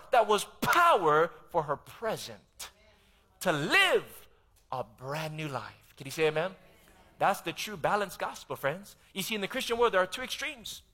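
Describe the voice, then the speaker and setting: A man preaching a sermon, emphatic and urging the congregation to say amen, swinging between loud and soft. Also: on the high side.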